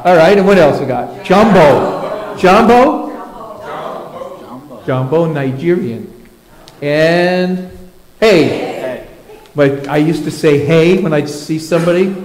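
Male pastor, fairly high voice, unhurried, playful, coaxing kids, echoey sanctuary. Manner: playful, coaxing, talks to children. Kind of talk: children's moment in a church service. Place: church sanctuary.

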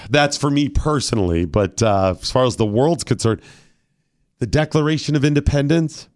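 A man's voice: mid-range voice, lively intonation, moderate pace, a little mellow. A man hosting a talk radio show, chatting casually in a mock-solemn, theatrical way that builds to bursts.

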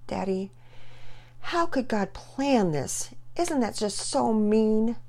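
A woman's voice: fairly high pitch, expressive, slow pace, a little mellow, pitched above the performer's own voice. A woman voicing a whiny, bossy young girl who is sick and upset.

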